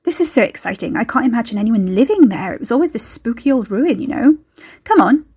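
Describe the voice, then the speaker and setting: A woman's voice: fairly high pitch, animated, a little fast. A woman voicing an eager, chatty young supervisor who is bursting with curiosity. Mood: excited.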